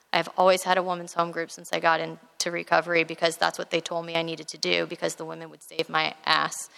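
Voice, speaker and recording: A woman tells her recovery story in a bright, clear, somewhat low voice. She is candid and rambling, with lots of filler words. The sound carries a long reverb, as in a hall. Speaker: recovery speaker and addiction therapist.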